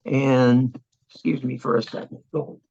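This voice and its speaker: Older veteran interviewee, gravelly, reflective, halting delivery, dull close recording. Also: male voice, medium pitch, steady tone, mellow, no echo. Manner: halting, reflective, many restarts. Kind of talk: oral history interview.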